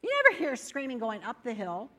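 A woman preaching a sermon in a church, animated and conversational, often acting out the doubts of her listeners. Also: on the high side, fairly quick. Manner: animated, acts out inner voices.

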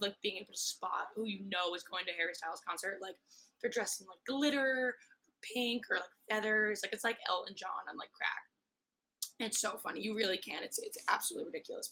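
A young woman hosting a casual solo podcast, her voice hoarse and worn, chatty and swearing often with mock-aggressive rants. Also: medium pitch, bright, forceful tone, low-quality recording. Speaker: podcast host.

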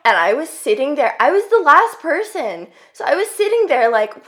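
A woman's voice: sits high, very animated, moderate pace, few pauses, a bit bright. A woman hosting a casual interview who reacts with short replies and frequent laughter. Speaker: host.

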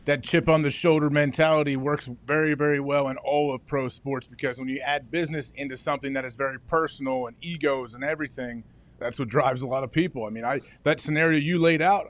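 A man, a former football player who co-hosts a sports talk show, giving easygoing opinions and laughing along. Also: mid-range voice.

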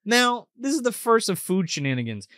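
A man's voice: sits high, big pitch swings, normal speed, fairly bright tone. A man casually recapping a movie on a podcast, swearing freely and jokingly acting out the characters. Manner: profane, jokey, acts out quoted characters. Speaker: podcast co-host.

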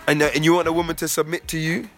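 A man's voice: a little high, flat delivery, rapid-fire, fairly bright tone, soft background music. A man hosting a podcast, ranting in a preachy, profane, emphatic way. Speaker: podcast host. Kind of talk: casual podcast chat.

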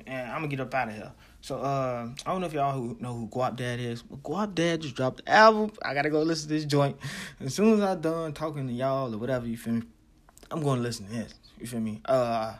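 Rambling man, casual chat. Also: mid-range voice. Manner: loose and rambling, many fillers. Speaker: music show host.

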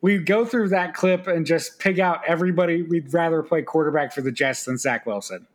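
A man co-hosting a sports podcast in casual chat, telling stories and slipping into quick mock voices. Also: fairly high pitch. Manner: animated storyteller, does quick mock voices. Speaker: podcast co-host.

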